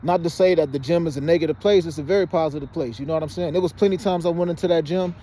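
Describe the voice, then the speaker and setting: A man from Detroit, Michigan, records a phone vlog outdoors by a fenced exercise area, talking to camera in a rapid, insistent casual monologue and often saying "you know what I'm saying." His voice is high-ish and warm.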